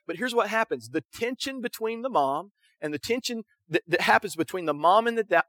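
Middle-aged male pastor, high bright voice, dry close sound, conversational sermon with acted-out quotes. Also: no echo. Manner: storytelling with quick acted quotes and frequent "right?".

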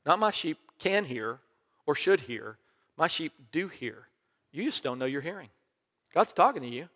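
Guy preaching casual, goes real quiet sometimes, laughs a lot, long echo in a big room. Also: fairly high pitch, sing-song, moderate pace. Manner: conversational preaching, often dropping to a soft hush; acts out prayers in quiet voices, laughs often. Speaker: pastor. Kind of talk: sermon. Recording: long hall reverb.

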